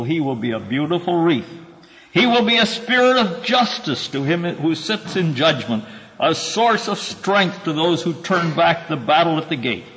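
A man's voice: on the high side, a bit bright, long reverb tail, low-quality recording. A man teaching a Bible class, explaining scripture verse by verse and calling on students by name. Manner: earnest, emphatic when quoting scripture.

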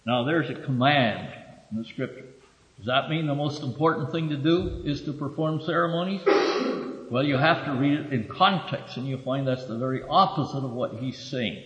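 A man's voice: fairly high pitch, expressive, fairly bright tone. Man preaching in an echoey hall. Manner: halting, with many filler pauses; reads verses aloud with raised emphasis. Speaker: preacher teaching from scripture. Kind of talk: sermon-style Bible teaching. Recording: dull echoey recording from a hall.

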